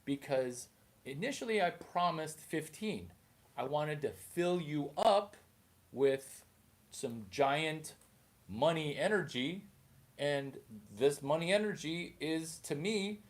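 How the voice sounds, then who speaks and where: A man, a stand-up comedian, rambling through a comedic monologue in an animated, jumpy way. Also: a little high.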